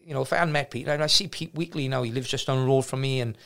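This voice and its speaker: A man's voice: mid-range voice, rapid-fire, creaky, a bit bright. A middle-aged man, a gym owner frankly telling his life story as a podcast guest, rambling with many restarts. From South Wales. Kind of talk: casual storytelling interview.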